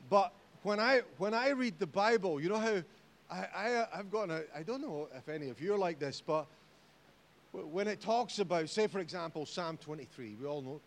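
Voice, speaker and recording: A man with a Scottish accent preaching a sermon in church, jokey and animated, rising to loud exhortation. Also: fairly high pitch, a little hiss or hum. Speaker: pastor. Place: church hall.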